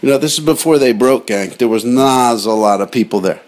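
Watching TV clips, a man riffs jokingly on his podcast and addresses his audience as "gang." He talks briskly in a mid-range, slightly mellow voice, keeping the monologue casual and comedic.

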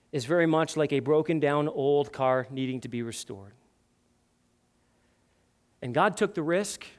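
A pastor preaching a sermon with passionate, emphatic repetition, then leading a prayer. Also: male voice, on the high side.

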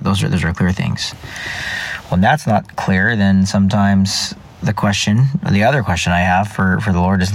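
A man's voice: fairly low pitch, moderate pace. A man speaking earnestly in a personal faith reflection, often repeating and restarting his phrases. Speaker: vlogger.

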